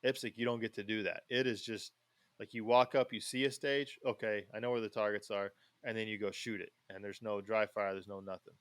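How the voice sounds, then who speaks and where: A man's voice: fairly low pitch, fairly even intonation, fairly quick, dry recording. A man hosting a podcast in casual chat, rambling along with many fillers and restarts. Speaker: podcast host.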